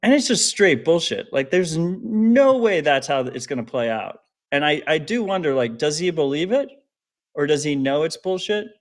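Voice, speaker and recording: A man's voice: a little high, big pitch swings, normal speed. A man co-hosting a podcast in casual chat, blunt and opinionated, swearing freely. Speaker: podcast co-host.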